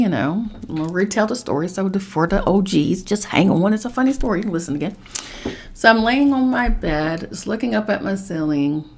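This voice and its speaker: A woman hosting a podcast, telling a personal story in a casual, animated way and swearing freely. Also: low-pitched, creaky. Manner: animated, swearing, acts out voices of others. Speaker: podcast host.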